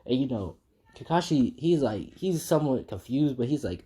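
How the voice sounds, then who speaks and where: A man improvises a fan-made story in a loose, casual way, stacking up fillers as he goes. His voice is mellow and mid-pitched. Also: normal speed. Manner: rambling, filler-heavy.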